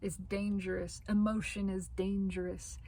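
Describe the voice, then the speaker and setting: A woman giving a spiritual tarot reading to her audience. She talks slowly, repeats her phrases and reassures the listener, and her voice is wearing thin as she loses it. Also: medium pitch, little pitch movement, warm tone, poor audio. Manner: slow, repetitive, reassuring phrasing. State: losing her voice. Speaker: tarot reader.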